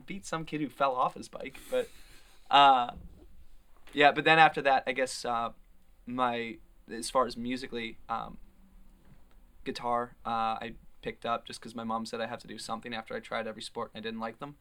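Bright, clear young man rambling casually. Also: medium pitch, level tone, normal speed. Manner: rambling, hesitant with many fillers. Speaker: guest musician in a band. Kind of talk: casual conversational chat.

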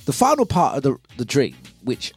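A man, hosting a breakfast radio show and telling a story in a lively, casual way, acting out his own quotes. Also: mid-range voice, normal speed, slightly rough, soft background music. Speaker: radio host. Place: radio studio.

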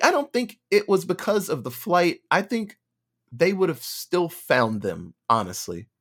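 A man casually retelling a movie plot on a podcast, acting out bits of dialogue and laughing as he goes. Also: on the high side. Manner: animated retelling with acted-out quotes and laughter. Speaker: podcast co-host. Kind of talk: casual movie review chat.

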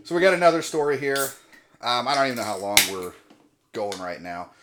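A man's voice: mid-range voice, very animated, fairly quick, heavy background noise. A man co-hosting a casual podcast, reading out news stories and laughing often as he acts out the people in them. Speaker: podcast co-host. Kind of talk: casual chat, reading headlines.

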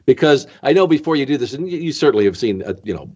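A man in a mid range hosts a relaxed interview, joking and chuckling along with his guest. His audio sounds dull and lo-fi. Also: mid-range voice, fast talker. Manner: easygoing, chuckling, jokey. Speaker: podcast host. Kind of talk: casual interview chat.

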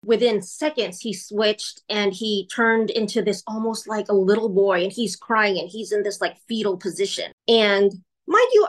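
A woman telling her personal story in a candid, emotional way, speaking quickly and acting out the voices of the people she quotes. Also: on the high side, low-quality recording. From California.

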